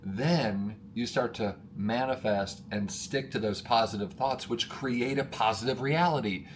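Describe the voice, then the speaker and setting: Energetic motivational coach, emphatic man. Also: mid-range voice, unhurried, faint music behind. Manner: energetic, emphatic, gets worked up; addresses listeners as friends. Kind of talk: motivational talk to camera.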